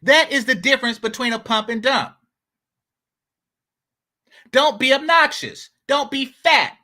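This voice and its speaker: A man's voice: very high voice, lively intonation, unhurried, pushed and bright. A man giving blunt, mocking reaction commentary.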